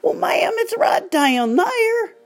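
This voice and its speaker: A woman voicing a polite but unhelpful southern gentleman with a Southern US accent, drawling and repeating himself. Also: very high voice, very animated, slow, faint music behind, voice pushed up, full character voice.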